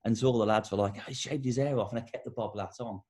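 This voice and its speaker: Middle-aged ex-player, quick, chatty guest who tells stories and acts out the quotes. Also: male voice, medium pitch, a little mellow, breathy edge. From England. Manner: anecdotal storytelling, acts out quotes. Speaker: former footballer, guest. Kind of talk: casual interview chat.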